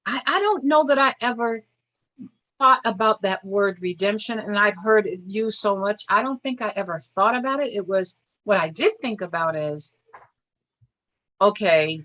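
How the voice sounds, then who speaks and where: Bright-voiced older woman, earnest guest. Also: mid-range voice. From Boston area. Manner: earnest, measured, speaks in short restarts. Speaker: interview guest, former state senator. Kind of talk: reflective interview talk.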